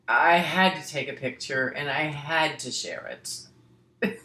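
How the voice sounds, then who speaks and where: A woman's voice: low voice, expressive, slow, pushed and bright. A middle-aged woman from Missouri hosting a crafting podcast, chatting casually and rambling with frequent restarts. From Missouri, United States. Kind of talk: casual chat. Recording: echoey room.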